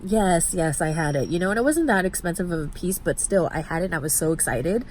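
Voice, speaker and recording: Woman, vlogger, somewhat low voice, chatty storytime, handheld camera in a mall. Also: fast talker, slight background noise. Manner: animated, chatty, many "like" fillers. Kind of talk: casual storytime chat. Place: shopping mall.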